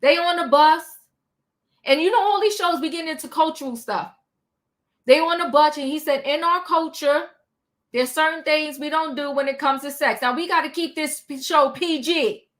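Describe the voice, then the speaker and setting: A woman hosting a livestream, recapping a reality show in sassy, animated casual chat. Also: sits high, normal speed. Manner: animated, sassy, talks back to the people she recaps.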